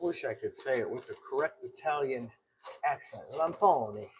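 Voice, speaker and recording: A man who runs a gelato shop, chatting casually on a live stream as he works and often clearing his throat. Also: mid-range voice, moderate pace. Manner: chatty, talks to himself while working, clears throat often. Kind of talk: casual live-stream chat while working. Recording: clear background noise with clicks.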